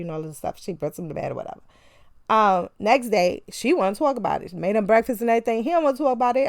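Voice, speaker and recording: A woman speaking gives a casual, chatty movie review, mid-pitched and laughing between lines. She mimics the characters with sarcastic flair. The recording is dry, with no room sound. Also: expressive, fast, gravelly, no echo. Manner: chatty, laughing, sarcastic, acts out quotes from the film.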